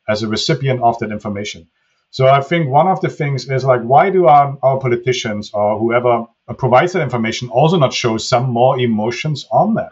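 A man's voice: medium pitch, husky, dull audio. A man speaking as a guest author in an interview, explaining his points earnestly, with occasional grammar slips. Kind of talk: conversational interview answer.

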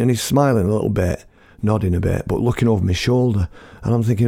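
Man from Britain, middle-aged, husky low voice, dry close sound, casual storytelling, chatty. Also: quick pace, dark tone, no echo. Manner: chatty, laughs at his own stories, slangy. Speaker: musician telling anecdotes.

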